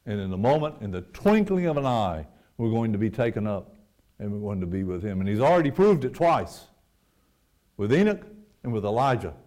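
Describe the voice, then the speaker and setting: Guy preaching, kinda low voice, gets loud then drops real quiet. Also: very animated, a little fast. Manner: dynamic, swings between loud emphatic peaks and quiet low asides. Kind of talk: sermon.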